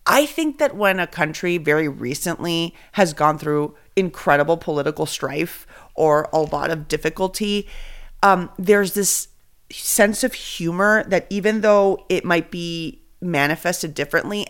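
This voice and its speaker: A woman's voice: on the low side, measured pace. A woman from Venezuela hosting a podcast, chatting and teasing her guest in a playful, casual way. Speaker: podcast host and comedian. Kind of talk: casual chat.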